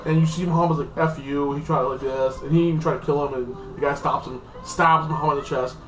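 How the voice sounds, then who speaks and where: A man's voice: fairly high pitch, steady tone, fast, a bit bright, slight background noise. A man giving a casual, rambling episode recap, leaning on filler phrases like "like this". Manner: rambling, repeats "like this" and "freaking". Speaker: TV show reviewer. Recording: echoey room, distant mic, faint music.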